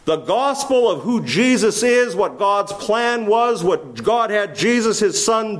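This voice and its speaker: A man preaching a sermon with intense delivery, swinging from low and quiet to loud and raised, and stretching key phrases slowly for emphasis. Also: lively intonation. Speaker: pastor.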